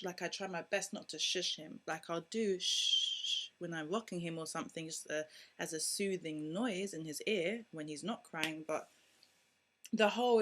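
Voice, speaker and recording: A young woman, a mother vlogging to camera in casual, outspoken and animated talk. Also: on the low side. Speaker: parenting vlogger.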